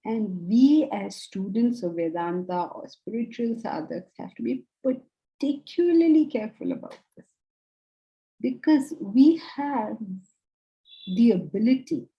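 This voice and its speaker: A woman teaches a spiritual class in a mellow, warm voice. She speaks earnestly and with animation, slipping into the quoted voices of her examples. Her pitch sits in an ordinary middle range. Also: animated, slow, gravelly, highs cut off. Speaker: Vedanta teacher. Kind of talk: spiritual discourse lecture.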